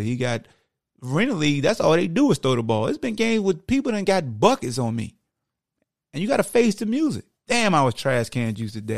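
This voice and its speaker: A man hosting a sports podcast, talking straight to his listeners in an animated, preachy monologue. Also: fairly high pitch, gravelly, no room sound, clean studio sound. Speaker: podcast host.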